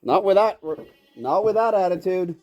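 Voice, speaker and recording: A man's voice: high voice, expressive, moderate pace, a little mellow, dull audio, soft background music. A man running a farm vlog outdoors, playfully scolding his goats in a teasing sing-song. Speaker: farm vlogger. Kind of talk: casual talk to camera and animals. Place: outdoors on a farm by a goat pen. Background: faint wind and goat bleats.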